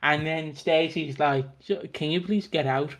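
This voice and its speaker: A man's voice: fairly high pitch, measured pace, a bit bright. Chatty man recapping a soap. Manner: chatty, laughing, swearing, acts out characters' lines. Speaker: podcast co-host recapping a soap opera. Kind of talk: casual chat.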